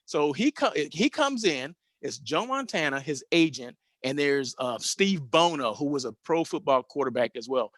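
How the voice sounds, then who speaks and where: A man in his fifties hosting a show, telling a personal anecdote in a casual, animated way with frequent tag questions. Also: fairly high pitch, moderate pace, few pauses, no room sound. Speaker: host.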